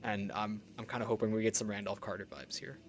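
A young man hosting a let's play, chatting excitably and swearing casually as he plays. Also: lowish voice, quick pace, noisy background. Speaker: gaming video host.

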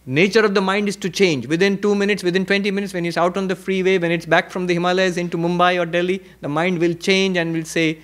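Man teaching spirituality, slightly high voice. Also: steady tone, fairly quick. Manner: reflective teaching with repetition and rhetorical questions; varies pitch and pace for emphasis. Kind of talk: spiritual lecture at a retreat.

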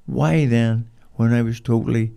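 A man's voice: medium pitch, fairly even intonation, normal speed, gravelly, mellow, clean tone. An older man, a podcast guest telling rambling, colloquial stories in a casual interview. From Cork, Ireland.

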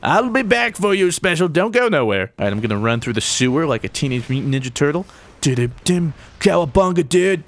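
A man giving jokey, excitable gameplay commentary, full of mild exclamations. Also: a little high, fairly quick. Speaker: gaming YouTuber.

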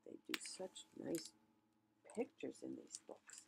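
A woman's voice: high voice, sing-song, slow pace, gravelly, warm tone, slight background noise. A woman reading a picture book aloud, chatty and musing, with asides between pages. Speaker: storyteller.

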